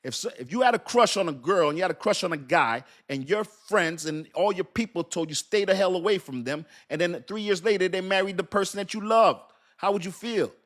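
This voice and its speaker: Animated crypto commentator, male, slightly higher pitch, laughing and preachy. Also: fairly quick. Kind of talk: casual talk to camera.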